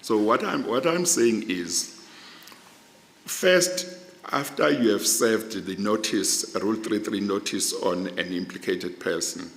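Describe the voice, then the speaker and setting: A middle-aged man with a South African accent, answering questions in a formal panel interview with deliberate, careful explanations. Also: fairly low pitch, vocal fry, a bit bright. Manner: slow, measured, deliberate explanations. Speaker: judicial candidate being interviewed. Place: large hearing room. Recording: echoey hall, long reverb.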